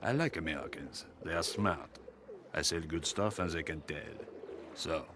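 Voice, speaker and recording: A smooth French flea market dealer. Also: male voice, extremely low pitch, normal speed. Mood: salesy. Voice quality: salesman patter, courtly and persuasive. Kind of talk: video game character dialogue. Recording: noisy game audio.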